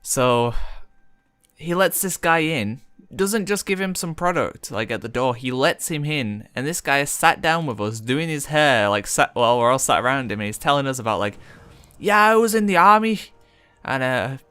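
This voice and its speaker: A young man tells a rambling story in a loose, chatty way, full of fillers. His voice is forceful and bright, and the sound is dry and close. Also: medium pitch, expressive, normal speed, hardly any pauses, clean tone, no echo. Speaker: streamer. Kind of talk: casual storytelling while gaming.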